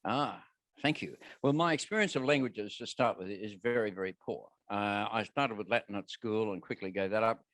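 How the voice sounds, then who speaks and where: A man's voice: lowish voice, moderate pace, fairly bright tone, dry recording. An older man, a guest speaker answering questions with wry, self-deprecating stories, sharing a handheld mic at a city meeting. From Australia. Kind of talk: casual Q&A with anecdotes. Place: city lunchtime meeting room. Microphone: shared handheld mic.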